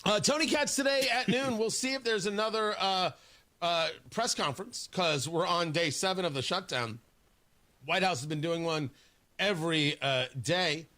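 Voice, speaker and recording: A male radio host who talks in loose, chatty banter, with a high, bright, forward voice. He restarts sentences often and laughs along with his co-hosts. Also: moderate pace. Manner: chatty, laughing, trips over words. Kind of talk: casual morning radio banter.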